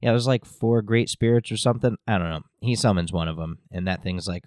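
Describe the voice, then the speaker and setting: A man with a low, deep voice chats his way through a loose, filler-heavy recap, jokey and meandering. The sound is dry and close to the mic, with no room echo. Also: fairly even intonation, fairly quick, few pauses, darkish tone. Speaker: podcast host. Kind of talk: casual episode recap.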